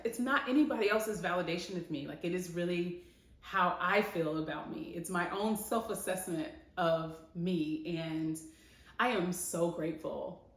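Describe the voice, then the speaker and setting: A woman talks candidly to her camera in a home vlog, animated and quick to laugh, leaning on repetition for emphasis. Her voice sits on the low side for a woman. The room around her is echoey. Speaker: vlogger. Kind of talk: reflective vlog talk to camera.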